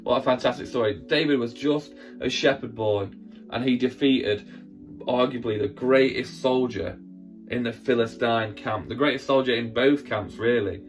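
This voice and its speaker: A man, a church presenter, telling a Bible story in a lively, acted-out way with sound effects. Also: medium pitch, normal speed, faint music behind.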